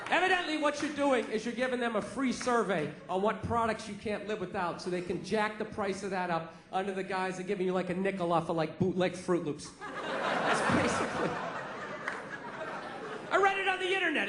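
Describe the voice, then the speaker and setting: A man doing a loud, profane stand-up comedy set on a club stage, ranting and acting out store clerks in quick asides. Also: sits high. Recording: echoey live club recording with loud crowd noise.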